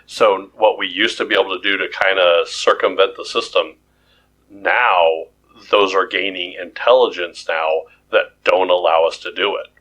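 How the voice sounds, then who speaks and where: A male podcast host in casual chat, delivering animated, joking rants with frequent restarts. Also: low-pitched, normal speed, rough recording.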